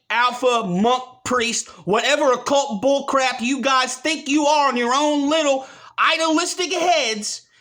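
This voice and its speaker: Man, angry rant, profane, shouting bursts, high pitch, sharp tense voice. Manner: furious, profane, often shouting.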